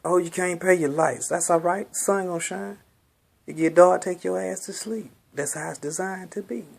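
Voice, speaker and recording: Profane guy ranting in AAVE, kinda high voice, asks question after question. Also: moderate pace, gravelly. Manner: blunt, profane, preachy, rhetorical questions. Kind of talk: profane street monologue.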